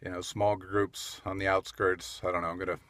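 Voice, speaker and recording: A man's voice: sits low, flat delivery, fairly quick, a bit bright. A man vlogging outdoors in a city park, talking in a loose, chatty way with laughs and restarts before doing street interviews. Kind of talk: casual rambling vlog talk.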